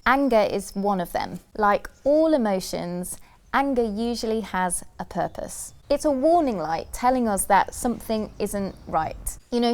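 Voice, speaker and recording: A woman presenting a scripted children's church talk, asking questions gently and repeating key phrases in rhythm. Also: medium pitch. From United Kingdom.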